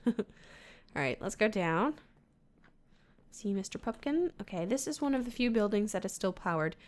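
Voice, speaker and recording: A woman's voice: medium pitch, animated, normal speed, long pauses. A woman casually commenting as she plays a video game, muttering to herself and reading game text aloud. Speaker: let's-play gamer.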